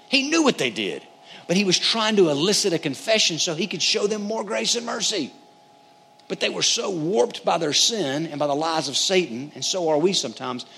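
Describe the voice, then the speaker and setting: A man's voice: a little high, fairly bright tone. Earnest male Bible teacher in a hall. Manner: earnest, conversational, addresses listeners as guys. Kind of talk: sermon-style Bible teaching. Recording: echoey hall, faint noise.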